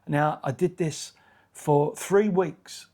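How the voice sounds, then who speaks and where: An older man from England, a comedian telling a long anecdote, animated and acting out what people said. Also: fairly high pitch, slow. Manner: animated, acts out quotes, restarts and repeats words. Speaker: comedian guest. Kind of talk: anecdotal storytelling.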